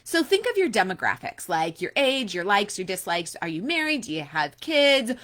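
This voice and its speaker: A woman's voice: medium pitch, big pitch swings, normal speed, a bit bright. A woman in her forties coaching listeners in a casual workshop, chatty and upbeat, speaking straight to the listener. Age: 40s. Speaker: online business coach.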